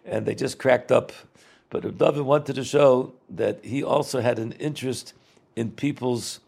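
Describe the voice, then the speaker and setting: A man's voice: medium pitch, fairly even intonation, moderate pace, vocal fry, a little mellow, breathy edge. A middle-aged man casually reminiscing, rambling and repeating words, mixing in Yiddish and Hebrew terms. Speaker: storyteller recalling a rabbi.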